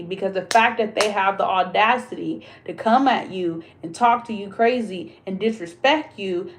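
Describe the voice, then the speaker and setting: A woman's voice: mid-range voice, a little mellow. A woman hosting a casual livestream chat, ranting in a blunt, emphatic way and swearing freely. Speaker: livestream host.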